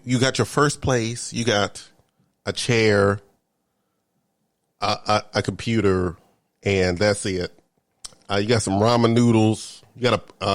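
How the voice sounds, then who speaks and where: A man, ranting comedically to camera in a vlog and dropping into hushed whispered asides. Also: mid-range voice, no echo. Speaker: vlogger.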